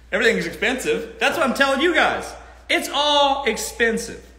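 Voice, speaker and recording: A man's voice: very high-pitched, big pitch swings, normal speed, sharp tone. A man hosting a casual live Q&A, talking bluntly and swearing freely. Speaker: host. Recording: roomy echo.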